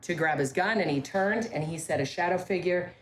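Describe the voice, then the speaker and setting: A woman from a ranch telling ghost stories in casual talk, emphatic, with halting restarts and key phrases repeated. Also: on the low side, slight background noise. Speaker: ranch staff member interviewed about ghost stories. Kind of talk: casual spoken storytelling.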